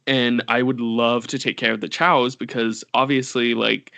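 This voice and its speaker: A man's voice: mid-range voice, flat delivery, moderate pace, vocal fry, sharp tone, no room sound. A young man co-hosting a podcast, telling rambling stories full of fillers. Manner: rambling storyteller, many fillers. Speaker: podcast co-host. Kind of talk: casual chat.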